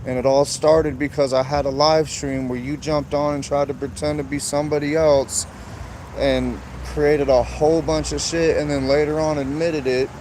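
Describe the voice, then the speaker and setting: A man's voice: medium pitch, darkish tone, a little hiss or hum. A man ranting in a heated, rambling, profane monologue on his live stream.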